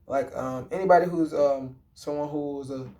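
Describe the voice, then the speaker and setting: A man with a somewhat high but mellow, warm voice chats casually to his viewers. He rambles, restarts his sentences and throws in slang and swearing as he goes. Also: normal speed. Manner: rambling, slangy and profane, with frequent fillers and self-corrections. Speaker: vlogger. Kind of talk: casual movie talk.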